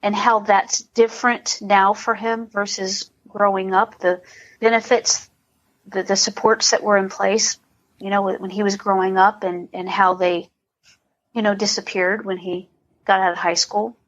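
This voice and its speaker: A woman's voice: mid-range voice, level tone, unhurried, lo-fi sound. A woman, a comedian guest on a podcast, talking in a rambling way with many restarts. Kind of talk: casual interview.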